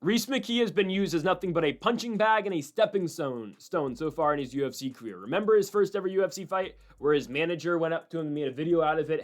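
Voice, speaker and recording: This MMA prediction channel host runs a solo fight-prediction show, his voice pitched fairly high. He talks in an animated, opinionated way, dropping in quick impressions of other people.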